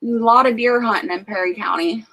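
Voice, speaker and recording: A woman's voice: a little high, brisk, sharp tone. Chatty woman telling rambling farm stories. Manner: chatty storyteller, lots of "like". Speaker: livestream host. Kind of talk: casual chat. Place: rural farm home.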